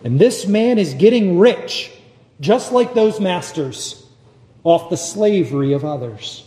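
Slow, echoey man preaching a sermon. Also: high voice, expressive, warm tone. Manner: measured, dramatic preaching with long pauses. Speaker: pastor. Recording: echoey hall with long reverb.

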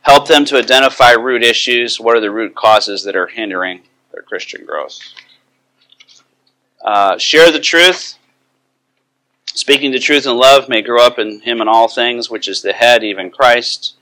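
A man's voice: medium pitch, measured pace, sharp tone. A middle-aged man teaching about biblical counseling, telling a story and acting out the quoted dialogue in a conversational way.

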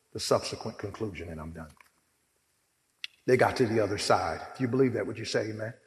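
A man preaching a sermon, telling a story dramatically and acting out the voices of its people, swinging from hushed to loud. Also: fairly low pitch, in a large hall.

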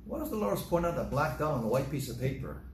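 Older male pastor, lively sermon delivery with acted-out dialogue; echoey, noisy recording. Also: a little high, fast talker. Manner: animated, acts out dialogue in different voices. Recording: echoey room with noticeable noise.

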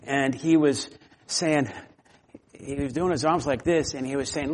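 A man's voice: a little high, moderate pace. A man preaching a sermon with earnest, conversational delivery and personal stories. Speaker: pastor. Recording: long hall reverb.

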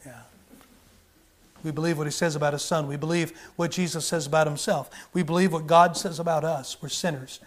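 A man preaching a sermon in a high-pitched voice. He hammers his points home with repeated phrases and asks the congregation question after question. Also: steady tone, a little fast. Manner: emphatic, repetitive rhetorical questions.

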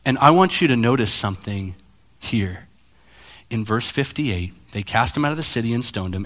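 A man preaching a sermon as pastor, animated and acting out Bible scenes. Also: mid-range voice. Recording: long hall reverb.

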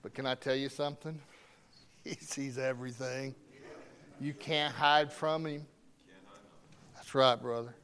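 A man preaching a sermon with strong emphasis, swinging between loud declarations and hushed asides. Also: medium pitch, fairly even intonation, a little slow, long pauses.

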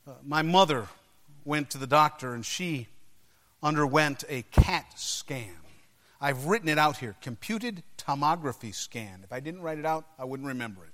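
A male preacher with a fairly high voice delivers his sermon through personal stories, leaning on emphatic phrasing and dramatic pauses. His words ring through a long, reverberant hall. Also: expressive, a bit bright.

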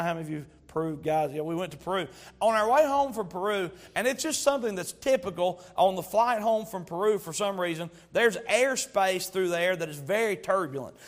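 A man preaching a sermon as a pastor, stretching out key words for emphasis and telling stories with humor. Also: high voice. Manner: storytelling with humor.

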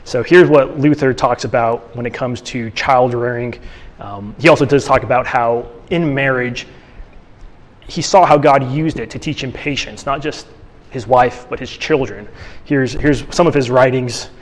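A man with a mid-range voice leads a church class at a measured pace, and the recording has a long reverb tail. His delivery is casual and conversational, full of fillers, and he often restarts his sentences.

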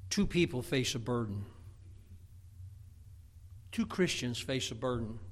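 Male preacher, high voice, storytelling sermon with acted voices, loud swells and hushed drops.

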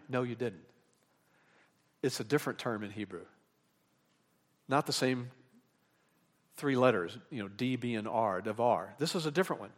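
A man's voice: mid-range voice, moderate pace, pauses often. Man preaching an expository sermon. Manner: animated preaching that rises in emphatic bursts, with asides. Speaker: pastor.

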